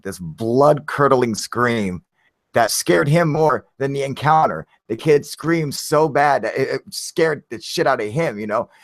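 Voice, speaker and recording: A man's voice: mid-range voice, dry recording. Man telling a story, dry sound. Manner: rambling, filler-heavy, animated retelling with casual swearing. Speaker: channel host. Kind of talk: casual live-stream storytelling.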